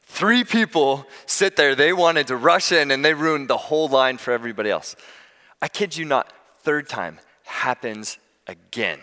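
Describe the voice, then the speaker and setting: Man, pastor, sermon, conversational storytelling, bright tone, long hall echo. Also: medium pitch, expressive, normal speed.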